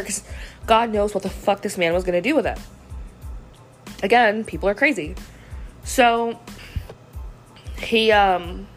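Young woman, casual storytime vlogger, slightly sick and throaty, frank, chatty, filler-heavy delivery. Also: mid-range voice.

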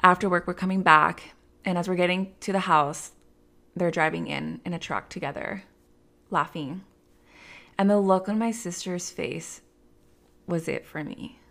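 A woman sits across from an interviewer and tells her own story in a candid, conversational way. Her voice sits low and carries a gravelly fry. She fills her sentences with "like" and "you know.". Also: a little slow, pauses often, fairly bright tone. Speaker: interview guest.

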